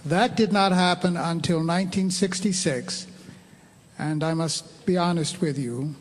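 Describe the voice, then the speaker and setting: An older man on a panel, answering in a measured, factual way. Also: on the high side. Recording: reverberant hall.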